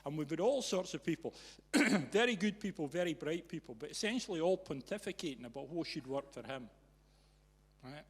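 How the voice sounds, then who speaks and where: A man hosting a live event, telling a story to an audience in a teasing, animated way. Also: on the high side, moderate pace, breathy edge. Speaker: event host. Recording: reverberant hall.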